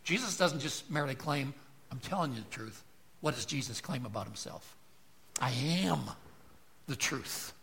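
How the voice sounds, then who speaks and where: Bright-voiced man preaching a sermon. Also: mid-range voice, lively intonation, normal speed, vocal fry. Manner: emphatic preaching, rhetorical questions, rising and dropping loudness. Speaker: pastor.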